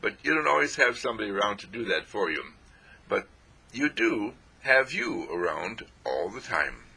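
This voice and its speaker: Gravelly man with a lower voice, animated and playful for an uplifting radio talk. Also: normal speed, a little hiss or hum. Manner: animated and playful, repeats affirmations. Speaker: spiritual radio speaker.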